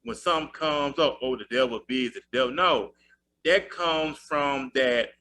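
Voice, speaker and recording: A man's voice: mid-range voice, normal speed, bright, forceful tone, a little hiss or hum. A man hosting a casual faith talk show, conversational and quoting scripture.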